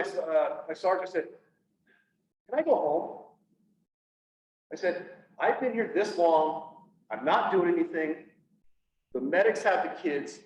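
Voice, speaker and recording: Brief: a man recounting a hard day on duty, bluntly candid, with a slightly high voice, heard from across an echoey room. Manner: candid, blunt, acts out quoted dialogue. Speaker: public speaker, police officer. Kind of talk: personal storytelling talk. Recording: echoey, distant, slightly dull, faint hiss.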